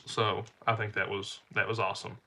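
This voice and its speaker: A man's voice: on the low side, level tone, a little fast, bright, forceful tone. Folksy man with a stuffy nose. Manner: rambling, repeats himself, folksy. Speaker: channel host. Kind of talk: casual storytelling to camera.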